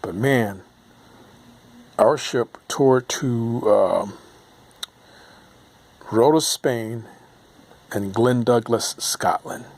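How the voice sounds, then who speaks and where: A man's voice: mid-range voice, very slow, long pauses, darkish tone. An American man in his late forties talking casually to camera, rambling and hesitant with many ums and restarts. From United States. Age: 40s. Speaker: vlogger. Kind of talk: casual reminiscing monologue.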